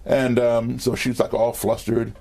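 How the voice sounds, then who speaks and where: A man, a musician interview guest, telling an anecdote in a relaxed conversational way, full of fillers and restarts, in a TV studio. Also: mid-range voice, a little slow. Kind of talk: storytelling in conversation.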